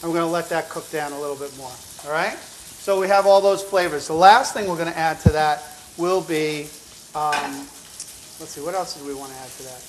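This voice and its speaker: A man's voice: fairly high pitch, fairly even intonation, fairly quick, slight background noise, poor audio. A man hosting a cooking show, giving upbeat, chatty step-by-step instructions with an encouraging, teasing manner. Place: show kitchen at the stove.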